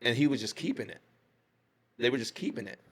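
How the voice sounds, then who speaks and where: Animated man telling a story. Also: brisk, breathy edge. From Pittsburgh, USA. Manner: animated retelling, acts out quotes with rising pitch. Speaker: podcast guest. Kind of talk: storytelling in casual chat.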